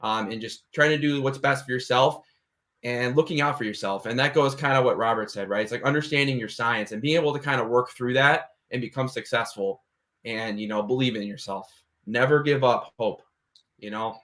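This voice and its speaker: A man's voice: medium pitch, brisk, a bit bright. A young man speaking on an online panel, earnest and casual, sprinkling his talk with "right?" and "you know". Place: online video call.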